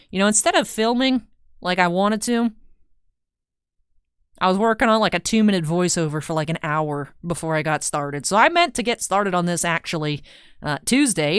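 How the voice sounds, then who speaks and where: A woman's voice: mid-range voice, a bit bright, smooth, no room sound, clean studio sound. A young woman hosting a game playthrough, chatting in a rambling, self-deprecating way. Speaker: let's play host. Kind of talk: casual gaming commentary.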